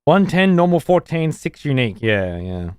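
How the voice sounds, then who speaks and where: A man's voice: a little high, very animated, moderate pace, clean tone, no room sound, clean studio sound. A man streaming a video game, commenting on play and ranting at his chat with heavy profanity. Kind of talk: live gameplay commentary.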